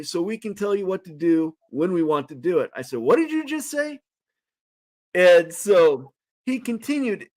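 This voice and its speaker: Male host, middle-aged, animated storyteller, slightly high voice, wide swings in pitch. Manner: animated storyteller, loud when acting out quotes. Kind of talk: casual chat telling a story.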